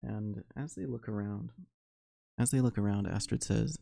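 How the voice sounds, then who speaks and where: A man narrating a solo tabletop game as game master, unhurried and full of fillers. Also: lowish voice, creaky, dark tone, no room sound.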